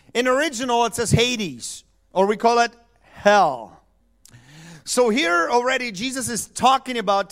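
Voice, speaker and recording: Middle-aged guy preaching, high voice, casual storyteller, little grammar slips. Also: a bit bright. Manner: storytelling, conversational, checks in with "okay?". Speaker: pastor. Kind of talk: sermon.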